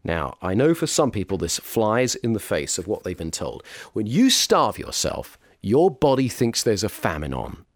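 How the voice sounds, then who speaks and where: A man delivers weight-loss coaching with blunt, emphatic conviction. His pitch leaps and dips through a very wide range as he drives his points home. The sound is close and dry, with no room echo. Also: huge pitch swings, moderate pace. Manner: emphatic, direct, with mocking impressions of others. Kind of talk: motivational instruction to camera.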